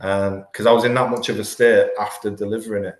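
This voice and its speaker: This is a life coach in his 40s guesting on a podcast, his low-leaning voice moving little in pitch as he talks quickly. He's earnest in this candid interview, frequently starting over and repeating words when he restarts a thought. There's a roomy echo to the audio.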